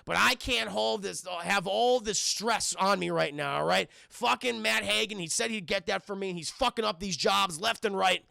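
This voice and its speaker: A man plays a scheming gangster boss, gravelly and cursing as he lays out orders. The voice sits high and sounds sharp. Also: moderate pace, hardly any pauses, no echo, clean studio sound, full character voice. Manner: gruff, profane, casual paraphrase.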